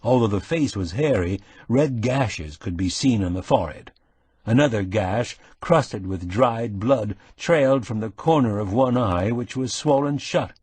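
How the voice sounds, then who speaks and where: A man narrating a cozy mystery audiobook in an even, measured storytelling way. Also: lowish voice, slightly rough, no echo.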